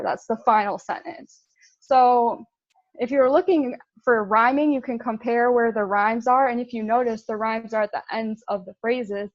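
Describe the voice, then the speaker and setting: A woman's voice: on the high side, unhurried, dry recording, muffled recording. A young woman giving a casual intern presentation, chatty, with fillers and laughs at her own slips.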